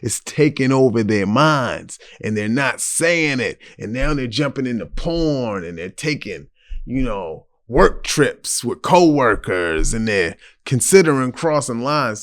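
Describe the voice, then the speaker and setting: A man hosting a casual advice podcast answers a listener's letter in a frank, blunt, lively way. His voice is mid-range and his pace a little slow.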